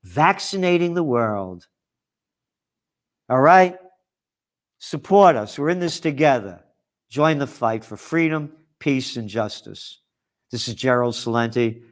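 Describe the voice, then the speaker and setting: A man's voice: mid-range voice, animated, slow, long pauses. An older man with a New York accent, hosting a commentary show with blunt, profane, fiery ranting. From New York (Bronx). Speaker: host. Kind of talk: angry commentary monologue.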